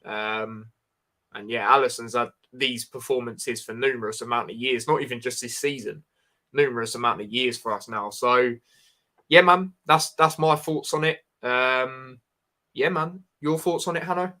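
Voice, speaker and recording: Man, casual football review host, rambling filler-heavy talk, bright tone. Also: medium pitch, fairly even intonation, normal speed. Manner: rambling, frequent fillers like "you know" and "man". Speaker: podcast host.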